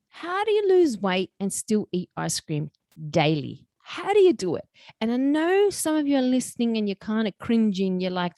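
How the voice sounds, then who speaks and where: Woman, joking solo podcast host, dry close sound, chatty and animated delivery. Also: fairly low pitch, no room sound. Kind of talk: casual solo podcast talk.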